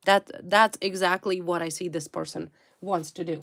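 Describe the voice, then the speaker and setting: A woman's voice: lowish voice, steady tone, normal speed, gravelly, a bit bright. A woman reading tarot straight to the viewer, talking emphatically and repeating single words, in non-native English phrasing. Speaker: tarot reader.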